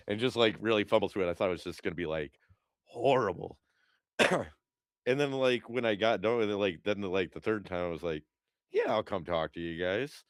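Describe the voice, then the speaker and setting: A man's voice: fairly quick, no echo, studio quality. A man co-hosting a podcast, chatting casually and telling rambling stories full of fillers and cursing. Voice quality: smooth low voice. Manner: rambling, profane storytelling with lots of fillers. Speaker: podcast co-host.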